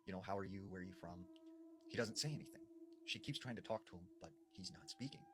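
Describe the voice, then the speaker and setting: A man's voice: deep voice, fast talker, background noise. A man casually retelling true horror stories as a storyteller, in a chatty style full of fillers.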